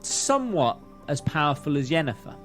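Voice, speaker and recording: A man runs a tabletop role-playing game and keeps breaking into laughter as he narrates. His voice is slightly high, and faint music plays behind him. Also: sing-song, normal speed. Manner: laughs often while narrating. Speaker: game master.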